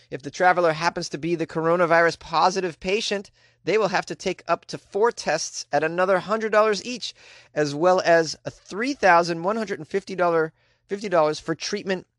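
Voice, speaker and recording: A man's voice: on the high side, fairly bright tone, dry recording, studio quality. Joking man hosting a comedy news podcast. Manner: joking, chuckles between lines. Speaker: podcast host.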